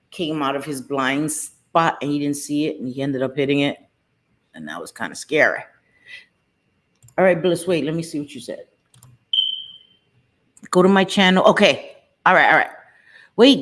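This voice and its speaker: Middle-aged lady chatting on her home livestream, kinda low voice, loose and chatty, swears a lot. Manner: chatty, swears freely, talks to viewers by name. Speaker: livestream host. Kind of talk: casual livestream chat.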